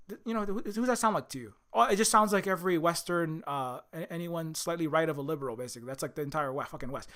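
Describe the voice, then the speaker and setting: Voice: medium pitch, fast talker, few pauses, fairly bright tone. A host from Hawaii giving an impassioned political commentary monologue, swearing often, restarting sentences and asking "right?" again and again. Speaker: channel host.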